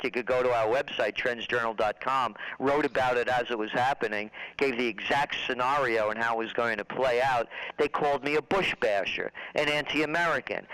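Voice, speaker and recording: A man, a radio guest ranting indignantly and quickly, slipping into mocking impressions. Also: mid-range voice, fairly bright tone, low-quality recording. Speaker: trends forecaster guest. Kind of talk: radio phone interview.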